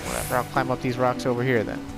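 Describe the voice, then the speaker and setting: Man, casual gameplay commentary, rambling with fillers, game music clear behind. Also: medium pitch, completely flat delivery, fast talker. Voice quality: rambling, with many "like" fillers and restarts. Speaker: let's play host.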